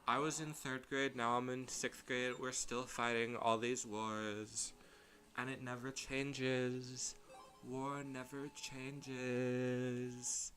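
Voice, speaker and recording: A man voicing a young robot hero as a weary, hardened war veteran, speaking slowly and solemnly during gameplay commentary. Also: medium pitch, flat delivery, pushed and bright, soft background music.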